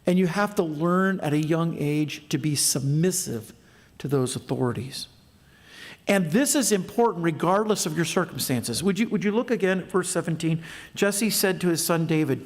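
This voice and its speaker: Middle-aged Southern US preacher, fairly high voice, earnest storytelling sermon, long church reverb. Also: male voice, moderate pace. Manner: earnest, storytelling with asides and restarts. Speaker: pastor. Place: church sanctuary.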